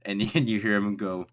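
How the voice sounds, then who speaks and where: A man's voice: fairly low pitch, a bit bright. A man narrating a tabletop game as game master, casual and laughing, with some swearing.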